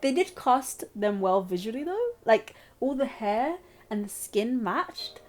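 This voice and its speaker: A woman's voice: a little high, big pitch swings, slow pace, a little mellow. A young woman talking casually and rambling, giggling between her points as she reviews a show. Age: young adult. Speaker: anime reviewer, channel host. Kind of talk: casual commentary vlog.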